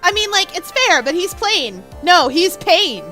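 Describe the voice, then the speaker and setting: A woman's voice: very high voice, sing-song, a little slow, pushed and bright, soft background music. A woman streaming a video game, chatting playfully with viewers in casual commentary. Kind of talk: casual gaming livestream commentary.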